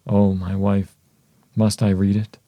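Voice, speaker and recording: A man's voice: fairly low pitch, monotone, slow pace, dry recording, highs cut off. A man reading as a broken, pleading husband. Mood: pleading grief.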